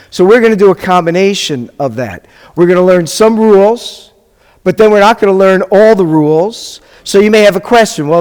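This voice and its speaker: A rabbi teaching a beginners' Hebrew class, patiently sounding out syllables and checking that the class is following. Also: male voice, sits high, a little mellow. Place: congregation classroom or hall. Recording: long reverb of a hall.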